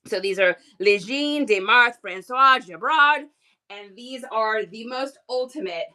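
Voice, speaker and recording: A woman hosting a casual reseller livestream, chatty, excitable and full of exclamations. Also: on the high side, unhurried.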